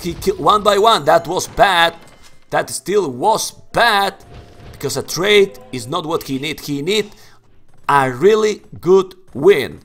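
A man with a Spanish first language casting a strategy game live in broken English, getting excited and shouting at big plays. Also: a little high, slow, soft background music. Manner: non-native English with broken grammar. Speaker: game caster. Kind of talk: live esports commentary.

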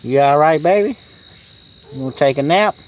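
Folksy man, fairly high voice. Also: normal speed, a little hiss or hum. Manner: folksy, coos at animals and answers chat. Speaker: kennel owner live-streaming. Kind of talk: casual live-stream chat. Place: outdoors at a kennel.

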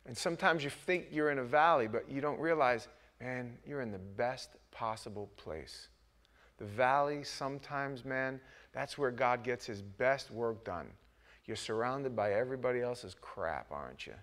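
Animated middle-aged male preacher. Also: medium pitch, normal speed. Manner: swings between hushed asides and loud emphatic bursts; conversational, asks the congregation questions. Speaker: pastor. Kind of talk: sermon.

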